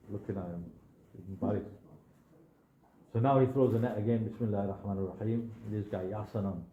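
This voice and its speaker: Dark-voiced preacher telling a story. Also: male voice, medium pitch, echoey room, lo-fi sound, slight background noise. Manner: lively, dramatic storytelling with asides to the audience. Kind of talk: storytelling sermon.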